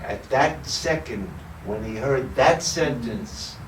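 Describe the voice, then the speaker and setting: A man who teaches spirituality tells a parable in a playful, humorous way, speaking very slowly in a slightly high voice. The recording is roomy and echoey, with the mic set well back from him. A faint background hiss runs underneath. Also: expressive. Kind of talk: storytelling talk to a small audience. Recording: roomy echo, distant mic.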